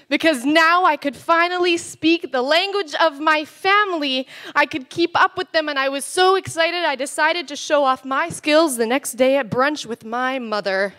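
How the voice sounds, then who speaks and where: A woman's voice: sits high, moderate pace, hardly any pauses, bright, forceful tone. A teenage girl performing a comic spoken word story as a student slam poet. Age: teens. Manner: storytelling, playful comic timing.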